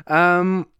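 A man's voice: high voice, sharp tone, clean tone, dry recording, clean studio sound. A young man from Cork with a Cork Irish accent, hosting a solo podcast in a jokey, rambling way and swearing casually. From Cork, Ireland. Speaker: podcast host.

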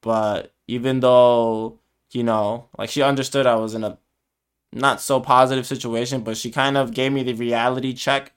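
A man's voice: mid-range voice, little pitch movement, normal speed, clean tone. A young man co-hosting a podcast, chatting casually in a hesitant, reflective way with many fillers. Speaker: podcast co-host. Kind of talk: casual conversation.

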